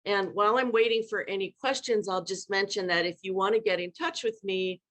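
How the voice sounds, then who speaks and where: A woman leadership coach speaks in a live online workshop, her pitch sitting in an ordinary middle range. She talks in an animated way and acts out different tones of voice as examples. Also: fairly quick. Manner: animated, demonstrates vocal inflections.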